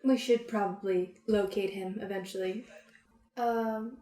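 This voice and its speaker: A woman's voice: mid-range voice, steady tone, normal speed, darkish tone, echoey room. A woman playing a tabletop game, speaking in character with a dry, mock-formal manner. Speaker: player. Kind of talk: casual tabletop role-play.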